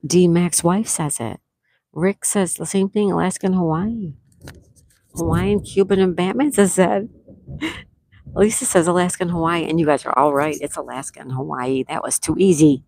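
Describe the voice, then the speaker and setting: A woman's low voice carries vocal fry and a warm tone, with no echo. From near Fort Lauderdale, Florida, she hosts a chatty trivia livestream at home during a thunderstorm, reading viewers' names and answers from the chat and drawing out each question.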